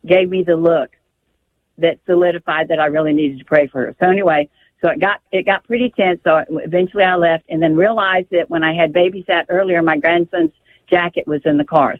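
A woman's voice: lowish voice, slight background noise. An older woman calling in to a radio show, telling a painful family story in a pleading, stumbling way over the phone. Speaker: caller. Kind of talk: emotional call-in story. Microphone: telephone. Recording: tinny phone line.

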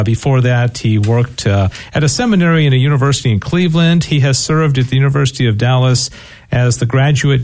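A man hosts a radio interview, speaking with friendly enthusiasm. He often pauses with fillers and repeats his words as he goes. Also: mid-range voice, a little mellow. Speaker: radio host and station director.

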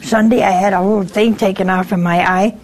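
A woman's voice: medium pitch, steady tone, a little fast, darkish tone. A woman, a nun, hosting a call-in show, talking casually and telling folksy stories about forgiveness. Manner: folksy storyteller, acts out voices in anecdotes. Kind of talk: casual spiritual talk to callers.

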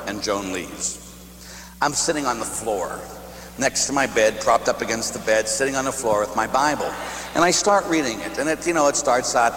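Priest telling stories in an echoey hall. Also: male voice, mid-range voice, normal speed, a bit bright. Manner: conversational, self-mocking humor. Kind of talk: storytelling sermon. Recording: echoey hall with faint hum.

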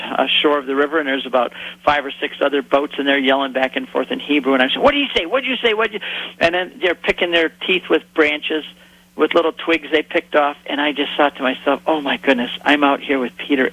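A man guesting on a radio talk show tells his story with eager, vivid detail. His voice sits a bit high and has a husky grain. The sound is close and dry. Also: fairly bright tone, no echo, low-quality recording. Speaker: guest, Bible teacher.

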